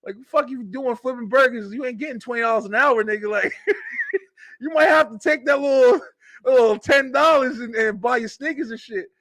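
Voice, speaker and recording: Young man, high voice, very animated, profane storyteller, frequent laughter, dry sound. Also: normal speed, no room sound. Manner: animated, laughs often, profane, voice swings high when excited. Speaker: web show host. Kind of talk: casual comedic storytelling.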